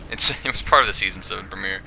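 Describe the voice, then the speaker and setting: A man's voice: low-pitched, rapid-fire, gravelly, sharp tone, slight background noise. Rambling, giggly young man commentating. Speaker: gaming commentator. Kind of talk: casual gameplay commentary.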